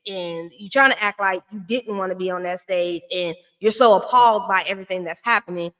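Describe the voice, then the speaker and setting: A woman's voice: medium pitch, fairly quick, hardly any pauses, a bit bright. A woman giving a blunt, chatty recap of a reality show in a casual, slangy way.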